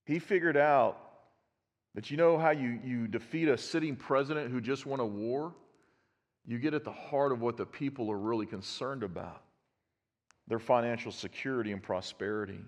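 Preaching in a church sanctuary, a male pastor keeps his sermon conversational and puts questions to the congregation. He speaks at medium pitch and a moderate pace, with the church hall's long reverb around him.

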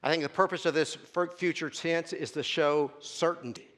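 A man preaching a sermon, dropping to near-whispers and then rising to loud, drawn-out emphasis, with stammered repeats. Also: on the high side. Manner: swings between soft hushed lines and loud emphatic stresses, stammering repeats. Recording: long hall reverb.

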